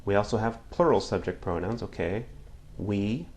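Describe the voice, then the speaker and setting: A man with a Midwestern American accent and a somewhat low voice teaches a grammar lesson at a whiteboard. He goes step by step and pauses to check in with a quick "okay?" after nearly every point. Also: lively intonation, darkish tone. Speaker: Spanish teacher.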